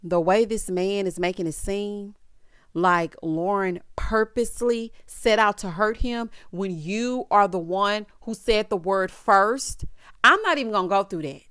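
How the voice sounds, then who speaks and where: A woman's voice: mid-range voice, unhurried, fairly bright tone, smooth, no room sound, clean studio sound. A woman giving a casual, opinionated recap of a reality show with a sassy, direct delivery, speaking straight to the people on screen.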